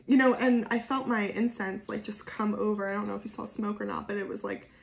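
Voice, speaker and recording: A woman's voice: medium pitch, fairly even intonation, a little fast, creaky. Chatty woman with a Jersey accent. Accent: New Jersey. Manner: chatty and spontaneous, with many fillers and sudden swings between soft and loud. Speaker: tarot reader. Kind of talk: casual tarot reading to camera.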